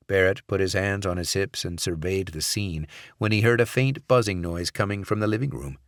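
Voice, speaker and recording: A male audiobook narrator reads in a measured, steady way with a low voice. The sound is close on the mic and very dry, with no room around it. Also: no echo. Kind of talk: scripted narration.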